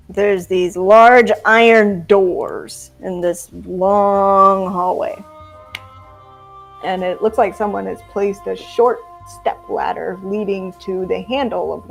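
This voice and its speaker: A young woman game master narrates a tabletop session at an unhurried pace. She stumbles over words with frequent ums and laughs at her own slips. Faint background music sits under her voice. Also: mid-range voice, fairly even intonation, creaky. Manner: giggly, halting narration with many ums.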